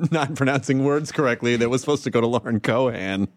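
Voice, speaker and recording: A man's voice: mid-range voice, brisk. A man from Tennessee hosting a podcast in casual chat, joking and laughing often. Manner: jokey, laughing, slips into silly voices. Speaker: podcast host.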